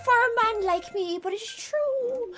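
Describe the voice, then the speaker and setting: A woman voicing an old male wizard in a hushed, theatrical put-on Irish accent, reading game dialogue aloud. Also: extremely high pitch, lively intonation, unhurried, soft background music, voice pushed up, heavily acted. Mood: solemn, hushed. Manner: hushed, lilting, theatrical storytelling.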